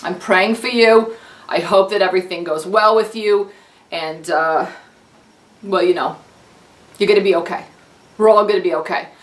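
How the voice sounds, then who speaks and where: A woman voicing a doting Long Island woman who gushes slowly and uses Yiddish words. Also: medium pitch, fairly even intonation, reverberant, recorded from a distance, natural voice. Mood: gushing. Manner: drawn-out gushing, Yiddish words. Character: doting Long Island Jewish grandmother type, gushing.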